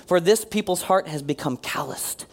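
A man preaching a sermon as pastor, earnest, slowing down and dropping his voice for emphasis, and leading the congregation in responses. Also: high voice, vocal fry. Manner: leads the congregation in call-and-response.

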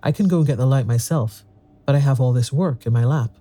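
An impatient woman snaps briskly at her sisters, as a man reads her lines. The voice stays dark and mellow. It is a storybook reading. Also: mid-range voice, natural voice. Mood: scolding. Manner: brisk, scolding. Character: impatient middle-aged woman, sharp-tongued.

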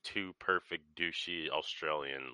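A man in casual chat about a TV show, low-key and hesitant, talking from a dorm room. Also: a little slow, sharp tone, clear, resonant tone, no echo.

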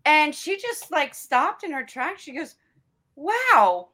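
A woman's voice: high voice, lively intonation, unhurried, bright, forceful tone. A woman hosting a casual conversation, agreeing enthusiastically.

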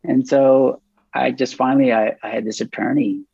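A man's voice: mid-range voice, gravelly, husky, dry recording, muffled recording. A man who calls himself a bit nervous, telling a story in a casual interview with lots of restarts and acted-out dialogue. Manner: self-described nervous, halting with many restarts; animated, acts out quoted dialogue.

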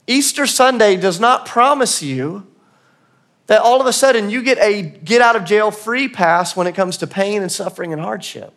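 High-voiced man preaching with earnest, chatty energy. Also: moderate pace, fairly bright tone. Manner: conversational, earnest, laughs at himself. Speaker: pastor. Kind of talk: sermon. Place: church auditorium.

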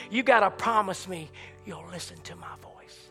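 A man preaching an impassioned sermon, swinging from shouts to hushed tones. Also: lively intonation, moderate pace, husky. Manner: impassioned, rising to shouts and dropping low. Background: church organ chords.

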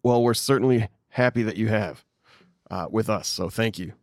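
A man's voice: fairly low pitch, moderate pace, darkish tone, no room sound, clean studio sound. A man co-hosting a podcast interview, chatting casually and encouraging the guest. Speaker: podcast co-host.

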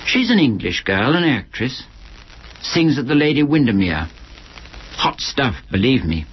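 A man's voice: medium pitch, very animated, a little slow. A man doing a smug drawling ladies' man. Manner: lazy self-satisfied drawl. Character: smug young foreign ladies' man with broken English. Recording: lo-fi recording with faint hiss.

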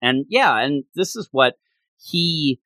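A man chatting and recapping a story with a lot of life in his voice. His pitch swings widely and his tone is bright, and the sound is close and dry. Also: takes it slowly, dry recording. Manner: animated retelling, acting out characters' lines. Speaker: podcast co-host. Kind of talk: casual chat recapping an anime episode.

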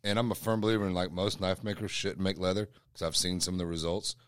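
A man's voice: low-pitched, steady tone, quick pace, no echo, studio quality. A talkative man, co-hosting a podcast and teasing his guest. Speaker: podcast co-host. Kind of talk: casual podcast chat.

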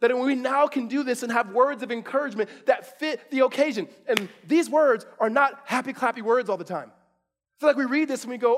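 A high-pitched man in his thirties preaches a sermon as if chatting with friends. He circles back, restarts his sentences and leans on fillers while he tells family stories. His voice rises and gets louder as he drives his point home. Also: a little fast. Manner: casual storytelling with many restarts and fillers. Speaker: pastor.

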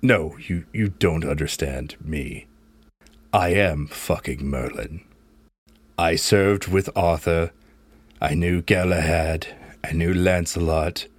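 A wise old wizard trapped inside a talking book, gentle and rambling as he reassures a friend, played by a man. The voice sits very low and is recorded dry and close in an actual-play game. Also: slow pace, husky, no room sound, full character voice.

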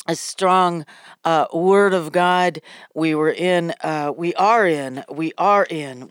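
A woman hosting a ministry show, preaching a devotional sermon in a halting, fervent way, often repeating words and crying out in praise. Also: fairly low pitch, smooth, no room sound, clean studio sound.

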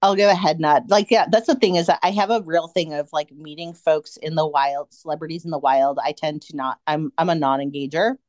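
A low-voiced woman co-hosting a casual podcast, chatty and animated, slipping into little acted-out quotes. The recording is dry and close, with no room sound. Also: brisk, few pauses, dry recording, highs cut off. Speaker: podcast co-host. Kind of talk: casual fan chat.

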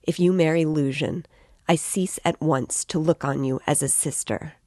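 A woman reading the part of a brooding, bitter young man in a storybook reading, slow and low in his scornful thoughts. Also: warm tone, dry recording, clean studio sound. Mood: grave, cutting.

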